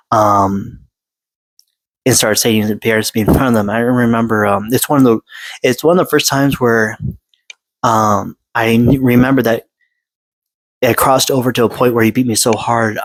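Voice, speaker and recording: A man's voice: lowish voice, no echo, poor audio. A man in his forties telling his own story in an earnest monologue, hesitant, with many fillers and restarts. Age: 40s. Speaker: vlogger sharing personal story.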